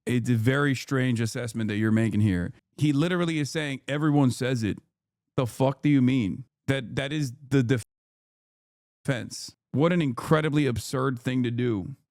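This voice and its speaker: A man's voice: mid-range voice, normal speed, darkish tone, dry recording. A man streams his reaction to a clip, blunt and exasperated, swearing freely. His mid-range voice comes through a close mic with a dry sound. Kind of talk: live stream reaction commentary.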